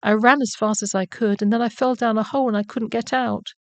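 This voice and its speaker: A woman's voice: a little high, fairly even intonation, fairly quick, no room sound, voice pushed up, natural voice. A woman voicing a frightened young boy rabbit in a storybook, earnest and apologetic. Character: scared young boy bunny.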